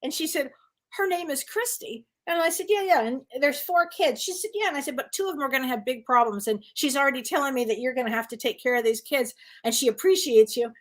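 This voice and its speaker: A high-voiced woman tells a story with lots of energy and frequent laughter. She speaks as a psychic medium co-hosting a casual talk show. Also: quick pace, hardly any pauses.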